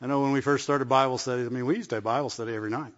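A man's voice: medium pitch, fairly even intonation, rapid-fire. A man preaching a conversational sermon, often asking the congregation for a response. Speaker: pastor. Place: church service. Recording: muffled sound with long hall reverb.

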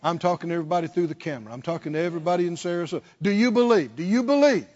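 Male pastor, high and expressive voice, call-and-response preaching, muffled recording. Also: very fast. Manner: preaching with call-and-response, swinging from shouts to hushed tones. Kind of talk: sermon.

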